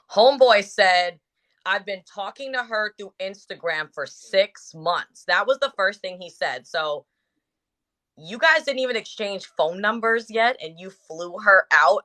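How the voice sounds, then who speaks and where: A woman podcast co-host gives firm, emphatic opinions in relaxed slang. Her voice is bright and clear. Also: fairly low pitch. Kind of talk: casual podcast chat.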